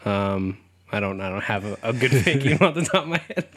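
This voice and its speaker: A man's voice: lowish voice, expressive, brisk, fairly bright tone, no echo, studio quality. Joking young male podcast co-host. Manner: loose, joking, laughs often, many fillers. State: slightly sick voice. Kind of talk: casual chat.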